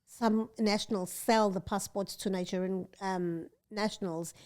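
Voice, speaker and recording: A woman co-hosting a casual chat podcast, animated and chatty, laughing often and mimicking others. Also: medium pitch, unhurried. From South Africa. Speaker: podcast co-host.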